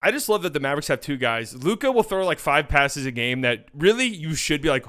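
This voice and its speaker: A man hosting a sports channel, talking through game footage in a casual, excitable way, swearing and joking freely. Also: on the high side, fast. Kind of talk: casual game-film breakdown commentary.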